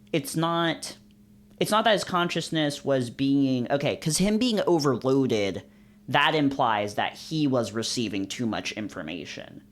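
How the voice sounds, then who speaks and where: A man chatting casually as he reads through a visual novel, joking around and rambling with lots of restarts. His voice sits in an ordinary middle pitch but moves lively and expressively. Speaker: let's play host. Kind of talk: casual commentary while reading a visual novel.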